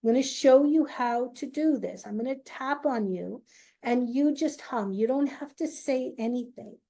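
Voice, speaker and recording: A woman voicing a calm, gentle female practitioner, speaking softly and slowly to reassure someone. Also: high-pitched. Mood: gentle, reassuring.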